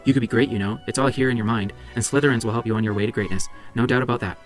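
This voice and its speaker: A man's voice: medium pitch, fairly even intonation, rapid-fire, soft background music, close to an everyday voice. A man reading the part of an old magic talking hat, wise and teasing, reciting rhymes in a sing-song way. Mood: musing.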